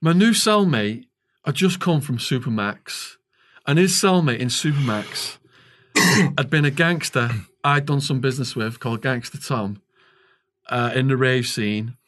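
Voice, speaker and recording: A man's voice: mid-range voice, a little slow. English man telling a prison story. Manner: animated storyteller acting out quoted dialogue. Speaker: podcast guest. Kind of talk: storytelling interview.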